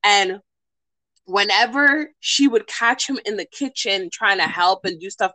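A woman co-hosting a podcast, telling a story in casual chat, animated and profane, acting out the people she quotes. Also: mid-range voice, measured pace, no echo, low-quality recording. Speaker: podcast co-host.

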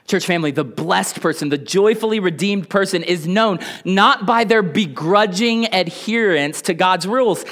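High-voiced pastor preaching a sermon. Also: male voice, moderate pace, hardly any pauses, a bit bright. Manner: calls on the congregation, drops to a near whisper on key phrases.

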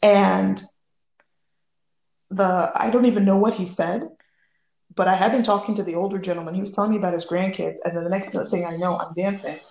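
A woman from the United States, a guest telling a personal story in a lively way, acting out the quoted lines. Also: medium pitch, fairly quick, gravelly, roomy sound, dull audio. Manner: lively, acts out quoted dialogue.

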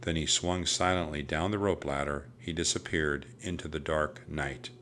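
A man narrating a children's storybook aloud in a steady, even storytelling voice. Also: a bass voice, moderate pace.

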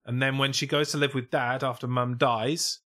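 A man's voice: medium pitch, flat delivery, moderate pace, pushed and bright. A man co-hosting a comedy podcast, reading out a post with dry sarcasm. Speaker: podcast co-host. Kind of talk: casual comedy chat.

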